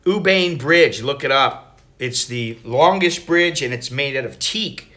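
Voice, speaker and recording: A middle-aged American man speaks casually in a travel vlog, his voice medium-pitched and his pace measured. He rambles and swears freely, telling his stories in an animated way.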